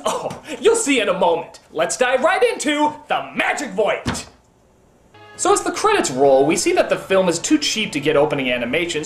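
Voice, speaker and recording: A man giving a comedic film review, ranting and exasperated, breaking into shouts. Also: sits high, reverberant.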